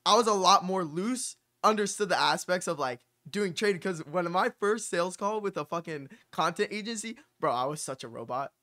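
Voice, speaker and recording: A man's voice: high voice, expressive, normal speed, few pauses, sharp tone. A young man hosting a casual chat about copywriting, talking loosely and filling his talk with "like" and "bro". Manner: loose, says "like" and "bro" constantly. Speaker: copywriting channel host.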